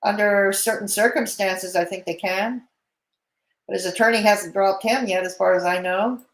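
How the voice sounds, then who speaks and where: A woman's voice: medium pitch, steady tone, normal speed, reverberant, a little hiss or hum, rough recording. A woman hosting a livestream, chatting sarcastically with her co-host and viewers. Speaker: streamer host. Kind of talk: casual livestream chat.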